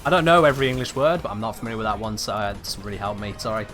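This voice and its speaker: Talking rapid-fire in a fairly low voice with lively intonation, a man live-streams a video game. He's chatty, wonders aloud, and keeps asking his viewers about a name's pronunciation while loud game music plays.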